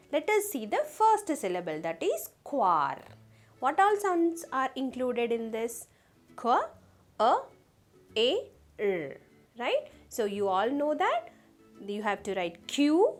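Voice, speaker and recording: A woman leads a phonics lesson for children, sounding out letters one by one and checking in with the class. Her voice sits high and swings widely in pitch. She speaks slowly, with soft music faintly behind her. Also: big pitch swings. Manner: slow, sounding out letters and asking the class questions. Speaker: teacher.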